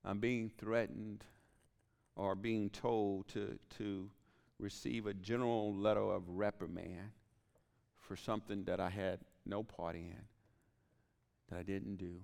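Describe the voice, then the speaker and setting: A man's voice: on the low side, steady tone, a little slow, gravelly, darkish tone. A man preaching a sermon as pastor, telling a personal story and dropping to whispered asides. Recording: long hall reverb.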